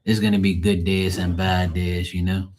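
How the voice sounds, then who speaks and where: A low-voiced man chats on a live stream in a loose, rambling way. He jokes and swears freely as he talks to viewers. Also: little pitch movement, normal speed, darkish tone, slight background noise. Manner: rambling, profane, joking. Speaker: live tarot reader and streamer. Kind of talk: casual live-stream chat.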